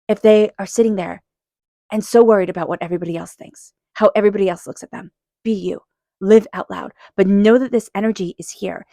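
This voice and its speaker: A woman's voice: medium pitch, dry recording, studio quality. A woman giving a casual spoken tarot reading, earnest and encouraging, often repeating herself with filler words. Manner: quiet repeated chanting while shuffling. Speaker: tarot reader.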